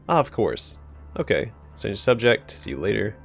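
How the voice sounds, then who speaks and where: A man casually reading game dialogue and commenting as he plays, relaxed and with fillers. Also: lowish voice, moderate pace, creaky. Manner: relaxed, reads aloud with fillers. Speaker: let's play host. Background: game music.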